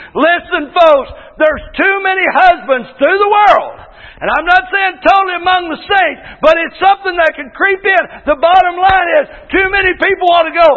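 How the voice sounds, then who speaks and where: A man in his sixties, a pastor preaching a folksy sermon with shouted bursts and homely stories. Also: very high-pitched. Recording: tinny phone-like sound in a long-echo hall.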